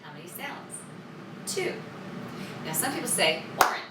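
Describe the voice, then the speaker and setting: A woman's voice: on the low side, sing-song, normal speed. A woman teaching a children's music lesson, cheerful and sing-song, clapping out the words as she goes. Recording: roomy, distant mic, loud background noise.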